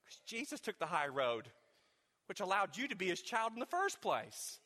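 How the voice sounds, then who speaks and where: A man preaching a sermon as pastor, dropping to hushed low talk and rising to loud, fervent peaks, often repeating words as he builds. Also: huge pitch swings, moderate pace. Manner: repeats and restarts words when fired up. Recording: long reverb of a large hall.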